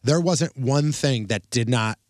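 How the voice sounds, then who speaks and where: A man with a St. chats on a radio show and tells stories with energy, throwing himself into every quote. His voice is medium in pitch. It sits close on a dry studio mic with no room sound. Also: measured pace, dry recording. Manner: animated storyteller, acts out quotes. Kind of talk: casual banter.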